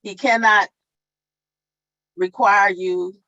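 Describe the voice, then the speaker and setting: A woman's voice: medium pitch, steady tone, extremely slow, pushed and bright, muffled recording. A woman at an online town hall, explaining tenant law step by step in a plain, repetitive way. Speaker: tenant advocate.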